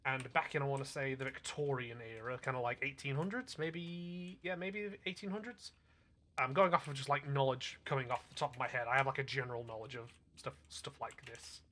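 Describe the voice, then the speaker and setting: A man's voice: medium pitch, fairly even intonation, a little fast, sharp tone, slight background noise. A man from England, chatting casually while streaming a game and explaining things in rambling, filler-heavy asides. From Northwest England. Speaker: gaming streamer. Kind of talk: casual gameplay chat.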